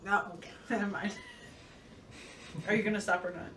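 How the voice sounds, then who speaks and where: A woman playing a tabletop game, animated and quick to laugh while she scolds and questions the others. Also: medium pitch. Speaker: player. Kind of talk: casual tabletop play. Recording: roomy, distant mic, faint noise.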